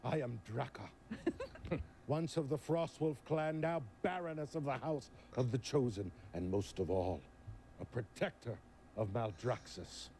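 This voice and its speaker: Brief: man doing a declaiming orc baroness, warm mellow voice. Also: medium pitch, unhurried, a little hiss or hum, natural voice. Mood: proud. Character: proud female orc warrior baroness.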